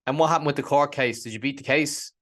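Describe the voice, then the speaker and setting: A man hosts an interview in a mid-pitched voice, asking short, direct questions. He probes for detail without fuss. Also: fast talker, fairly bright tone.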